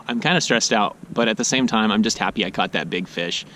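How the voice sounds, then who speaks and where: A man's voice: lowish voice, moderate pace, pushed and bright. A man vlogging while fishing from a kayak, chatting casually and swinging between frustration and cheer. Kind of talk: casual outdoor vlog narration. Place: kayak on a lake outdoors. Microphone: action camera. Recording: noisy outdoor action-camera audio.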